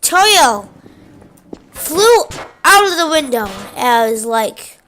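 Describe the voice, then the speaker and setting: A woman's voice: sits high, big pitch swings, slow pace, fairly bright tone, a little hiss or hum. A woman casually retelling a game video, rambling with lots of "he was like". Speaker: narrator.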